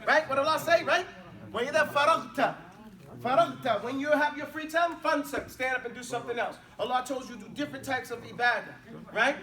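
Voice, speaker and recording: A man's voice: extremely high pitch, fast, sharp tone, recorded from a distance. A man teaching an Arabic class in a casual, chatty way. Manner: casual, mixes English and Arabic drills.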